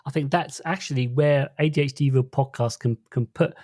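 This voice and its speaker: A man's voice: mid-range voice, fairly quick, darkish tone, no room sound, clean studio sound. A man co-hosting a podcast, telling stories in a playful, stammering way during casual chat. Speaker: podcast co-host.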